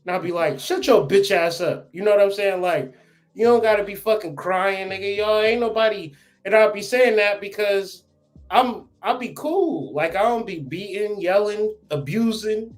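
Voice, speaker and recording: A man in casual podcast chat, blunt and profane, telling lively stories as the guest. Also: high voice, normal speed, soft background music. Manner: blunt, profane, animated storytelling.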